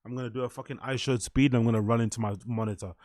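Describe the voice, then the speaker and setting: Guy streaming, swears a ton, rants then mumbles low, dry close sound. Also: fairly even intonation, rapid-fire, darkish tone, dry recording. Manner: ranting, heavy swearing; subdued and muttering after the rant. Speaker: streamer and show host. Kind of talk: live stream commentary.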